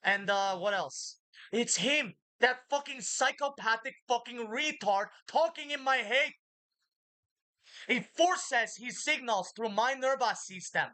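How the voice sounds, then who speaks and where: Bright-voiced woman rambling to camera. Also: fairly high pitch, slow pace. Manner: talks about herself in the third person; blunt and profane. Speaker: vlogger. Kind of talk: rambling spoken monologue.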